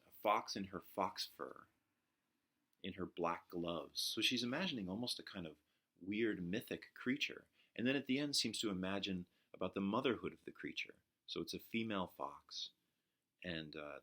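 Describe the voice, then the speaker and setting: A man teaching a poetry class, talking reflectively and haltingly with many pauses and fillers. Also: low-pitched, bright, forceful tone. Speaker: literature teacher. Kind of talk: poetry lecture.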